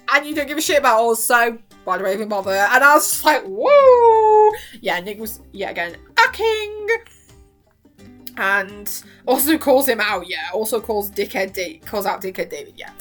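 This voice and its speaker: A woman chatting through a TV recap in a rambling, casual way. She laughs often and slips into quick quoted asides. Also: mid-range voice, bright, forceful tone. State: hoarse after long talking. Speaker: vlogger.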